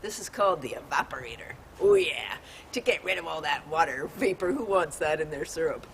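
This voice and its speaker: A woman's voice: deep voice, expressive, a little fast. A woman hosting an outdoor tour vlog in a maple forest, bubbly and exclaiming, laughing often and leading breathing exercises. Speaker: host. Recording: distant mic, faint outdoor hum.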